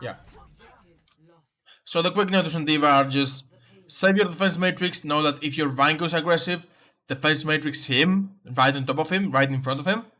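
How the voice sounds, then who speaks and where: A man's voice: on the high side, normal speed, pushed and bright. A man coaching a player through a match replay, explaining tactics and repeating key advice. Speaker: game coach reviewing a match. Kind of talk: coaching commentary over gameplay.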